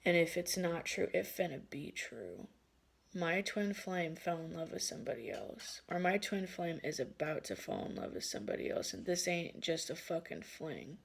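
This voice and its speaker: A woman's voice: fairly low pitch, expressive, normal speed, creaky, husky, full character voice. A woman voicing a bitter, jealous ex-partner who mutters and swears under their breath. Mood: bitter, muttering.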